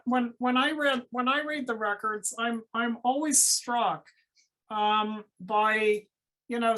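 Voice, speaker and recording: A woman's voice: mid-range voice, a bit bright, poor audio. A woman moderating an academic webinar over a video call, speaking thoughtfully and at length with fillers.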